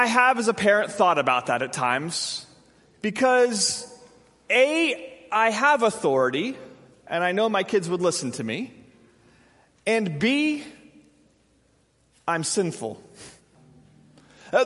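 A man preaching a sermon, telling stories with humor and acting out little asides. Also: high-pitched. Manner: animated storytelling with humor and acted-out asides. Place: church sanctuary. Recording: long reverb of a large hall.

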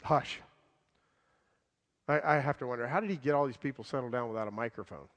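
A man preaching a sermon, dramatic, swinging from loud outbursts to hushed lines and acting out the voices in the story. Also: mid-range voice, racing, long reverb tail. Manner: acts out quoted voices in the story.

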